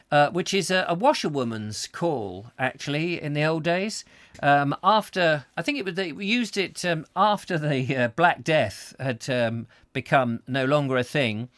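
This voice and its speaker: A man's voice: a little high, animated, measured pace, fairly bright tone, dry recording, studio quality. A man hosting a casual chat show, reading out viewer comments in a rambling, jokey way with many fillers. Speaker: host.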